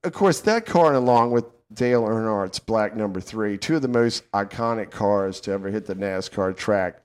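A middle-aged man with a Southern American accent, co-hosting a casual talk show, animated and fond of swearing and laughing. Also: on the low side, normal speed, clean tone. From southern United States. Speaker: podcast co-host. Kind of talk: casual chat.

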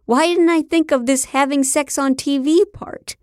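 Woman narrator, wry and deadpan, slightly high voice, dry studio recording. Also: moderate pace, no echo. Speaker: audiobook narrator. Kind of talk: first-person comic novel narration.

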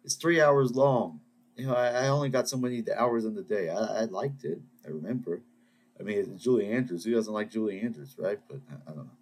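A man's voice: fairly low pitch, lively intonation, fast, darkish tone, slight background noise. A man hosting his own podcast, ranting and rambling in a self-deprecating way. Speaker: podcast host. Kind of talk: solo rant podcast.

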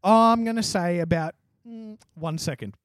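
Chatty guy, higher voice. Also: measured pace, no echo, clean studio sound. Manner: laughing, animated storytelling, swears freely. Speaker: podcast co-host. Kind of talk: casual chat.

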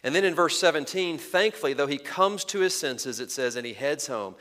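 A male pastor delivers a sermon in an earnest, emphatic way, slowing to press home his points. His voice sits a little high for a man. It rings out with the long reverb of a large hall. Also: expressive, a bit bright. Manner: earnest, emphatic preaching with slow deliberate stresses.

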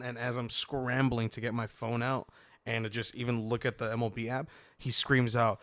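A young man co-hosting a podcast, telling stories expressively and getting loud when excited. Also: mid-range voice, brisk, dry recording, studio quality. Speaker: podcast co-host. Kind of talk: casual podcast chat.

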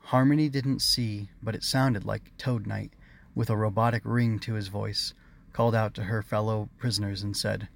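A man, the author, narrating his own story in a steady, measured audiobook reading. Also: fairly low pitch, gravelly.

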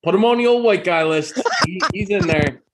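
A man's voice: sits high, moderate pace, over a noisy crowd. A man hosting a podcast in casual chat, sarcastic and swearing often.

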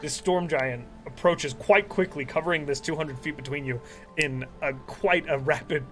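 A man's voice: normal speed, soft background music. A man narrating vividly as game master of a tabletop game. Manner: vivid descriptive narration with lively pitch.

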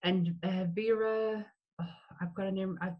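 A woman's voice: mid-range voice, fairly even intonation, unhurried. Brief: woman, podcast co-host, chatty, restarts a lot, dull lo-fi sound. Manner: chatty, many restarts and fillers. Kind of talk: casual film chat.

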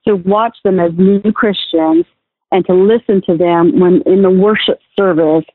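A woman's voice: fairly low pitch, fairly even intonation, measured pace. A candid woman minister talking casually in an interview, often starting over mid-sentence. Her voice comes through a narrow, tinny, phone-like line. The sound is dry, with no room echo. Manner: candid, frequent restarts. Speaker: guest minister.

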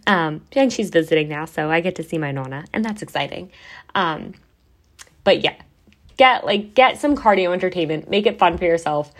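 Chatty young woman, lowish voice. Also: lively intonation, moderate pace. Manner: chatty, heavy use of "like", swears casually. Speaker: podcast host. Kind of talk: casual podcast monologue.

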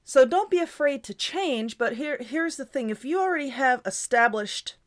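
A woman's voice: sits high, expressive, moderate pace. A woman hosting her own show, giving casual, reassuring advice in a chatty, repetitive way while stifling hiccups. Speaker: YouTuber and podcast host.

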